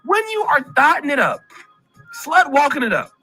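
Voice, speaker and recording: Man, very bright tone, lively swinging pitch, preachy ranting commentary. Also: normal speed, faint music behind. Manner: preachy, repetitive, addresses people by name. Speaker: vlog commentator.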